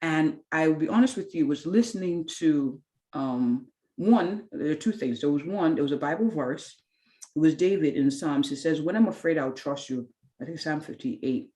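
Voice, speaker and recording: A woman's voice: low-pitched, expressive, normal speed, mellow, echoey room. A woman in her thirties, a physician and clinic founder, tells her story with candid earnestness in an interview and acts out her own past thoughts. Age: 30s.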